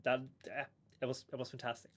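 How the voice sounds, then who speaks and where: A man's voice: mid-range voice, monotone, fast talker. A man chatting casually on a live stream, rambling with many restarts and chuckles.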